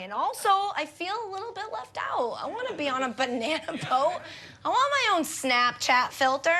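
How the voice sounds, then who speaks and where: A woman's voice: very high voice, big pitch swings, normal speed, music in the background. A woman hosting a comedic sports segment, sarcastic and joking, often laughing at her own lines. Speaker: host.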